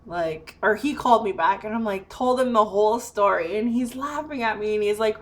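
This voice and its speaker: A woman's voice: mid-range voice, normal speed, hardly any pauses. Chatty young woman telling a funny story. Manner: chatty, laughing, full of "like" fillers. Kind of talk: casual anecdote telling.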